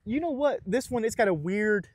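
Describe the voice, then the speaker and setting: A man's voice: high-pitched, lively intonation, moderate pace. A man co-hosting a casual podcast, rambling with lots of restarts and repeated words. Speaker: podcast co-host. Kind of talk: casual chat. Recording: audible background noise.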